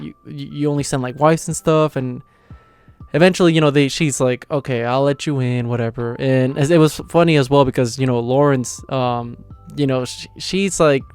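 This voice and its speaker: A man's voice: medium pitch, darkish tone, smooth, dry recording. A young man hosting his anime channel, recapping an episode in a rambling, casual way full of quoted lines and fillers. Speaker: anime reaction channel host.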